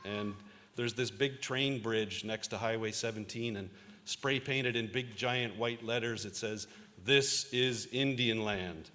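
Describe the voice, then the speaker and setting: A man's voice: on the low side, fairly even intonation, unhurried, pushed and bright, in a large hall. A man in his fifties, a journalist giving a convocation speech and telling anecdotes with a few fillers. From Ontario, Canada. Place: large auditorium.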